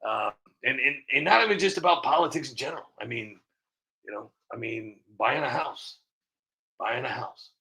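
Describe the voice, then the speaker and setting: A man's voice: medium pitch, animated, normal speed, gravelly, pushed and bright, rough recording. A man giving opinionated commentary to camera, rambling and repeating himself with frequent restarts. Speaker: video creator.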